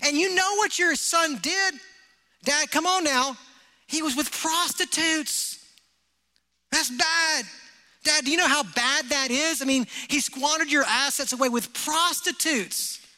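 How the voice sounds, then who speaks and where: A man's voice: very high-pitched, unhurried, pushed and bright, pitched above the performer's own voice, heavily acted. A man voicing a resentful older brother who complains and pleads in indignant questions, in a sermon. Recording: long hall reverb.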